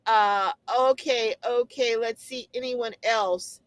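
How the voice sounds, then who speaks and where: A woman's voice: fairly high pitch, steady tone, slow, dry recording, poor audio. A middle-aged woman hosting a casual live stream, reading viewer comments aloud and answering them with chatty exclamations and frequent ums.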